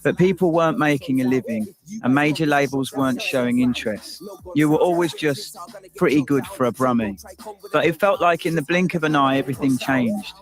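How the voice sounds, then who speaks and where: A man from Birmingham with a Birmingham accent, giving measured, reflective documentary narration. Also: medium pitch, crowd noise, low-quality recording. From Birmingham, England. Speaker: documentary presenter. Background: music.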